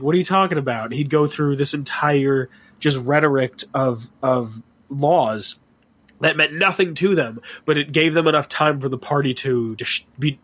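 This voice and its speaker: A young man in casual podcast chat, telling tabletop game stories in an animated, profane way. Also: fairly high pitch.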